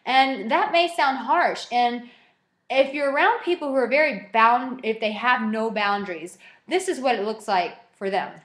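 An animated young woman gives a motivational self-help talk straight to camera. Her voice sits a little high, and she slips into little acted-out dialogues to make her points. The sound carries a noticeable room echo. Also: moderate pace. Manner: animated, acts out quoted dialogue.

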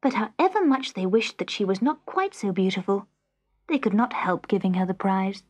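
A woman reading a children's story aloud, gentle and measured. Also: mid-range voice, expressive. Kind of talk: read-aloud storybook narration.

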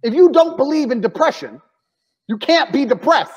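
Blunt, provocative man with lively pitch. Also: normal speed. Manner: blunt and provocative, swearing, acts out quoted voices. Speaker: podcast guest. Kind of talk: casual chat. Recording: dull lo-fi audio with long reverb.

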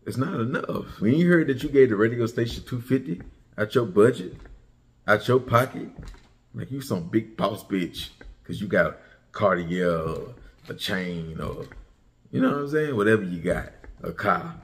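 A man's voice: lowish voice, expressive, normal speed. Male commentary host, heated and mocking, delivers a repetitive profane rant.

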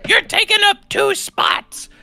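A man putting on the voice of a cranky old woman who shouts and scolds about a parked bike. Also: very high-pitched, flat delivery, slow pace, creaky, pitched above the performer's own voice, heavily acted. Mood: scolding.

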